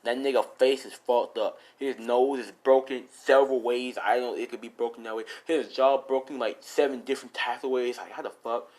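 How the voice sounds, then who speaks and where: A man improvising a fan story out loud, rambling and profane, often correcting himself and laughing at his own lines. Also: medium pitch, fairly even intonation, a little fast, few pauses.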